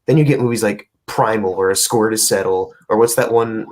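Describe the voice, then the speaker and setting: Young male co-host, lower pitch, exasperated, stammering rants full of curses. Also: a little fast, a little mellow. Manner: exasperated ranting, stumbling restarts, heavy swearing. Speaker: podcast co-host. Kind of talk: casual movie preview chat.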